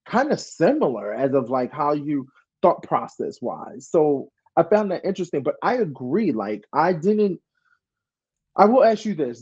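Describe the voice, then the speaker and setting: Animated man on a lo-fi call. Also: fairly high pitch, slightly rough. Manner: animated storyteller, curses freely. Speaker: former reality show contestant. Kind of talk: casual video call chat.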